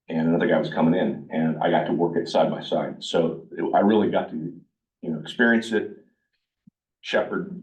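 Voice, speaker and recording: Man, lowish voice, blunt animated group speaker, picked up from a distance off the mic. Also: lo-fi sound. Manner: blunt, animated, acts out his own quoted dialogue. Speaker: workshop speaker sharing recovery experience. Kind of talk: casual talk to a group. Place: meeting room with a live group.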